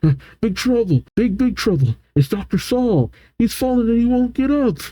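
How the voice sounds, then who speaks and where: Man putting on a breathless, high-pitched panicking villager from a comic, mellow dark tone. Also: very animated, brisk, no room sound. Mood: panicked. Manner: breathless, urgent alarm.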